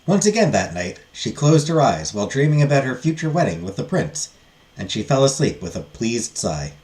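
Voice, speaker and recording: Male let's play host, chatty and joking, reads game text aloud with a lively, swinging voice at a middle pitch. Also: moderate pace. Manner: joking, chatty asides to viewers.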